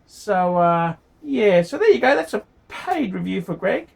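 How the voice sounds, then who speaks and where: Blunt, profane man with a gravelly voice. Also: high-pitched, big pitch swings, a little slow, a little mellow. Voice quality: blunt, profane, repeats himself. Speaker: watch reviewer YouTuber. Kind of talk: casual paid video review.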